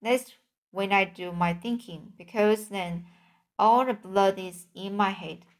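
A woman voicing a calm, wise female spider in a storybook, cool and reassuring. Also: medium pitch, slow pace, lightly acted.

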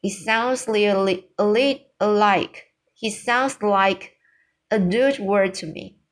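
A woman voicing a calm, dignified queen who speaks formally, read slowly from a storybook. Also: mid-range voice, close to an everyday voice. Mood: composed. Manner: composed and formal.

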